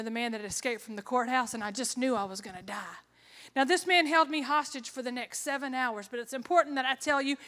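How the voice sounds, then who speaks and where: Woman, high bright voice, earnest testimony, big reverberant hall. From Georgia, USA. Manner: earnest, heartfelt storytelling. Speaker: speaker giving a faith testimony. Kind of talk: personal testimony talk.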